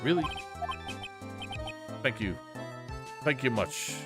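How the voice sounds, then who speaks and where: A man voicing a timid young country bumpkin with a Southern US accent, pleading and high-strung, over game music. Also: sing-song, takes it slowly.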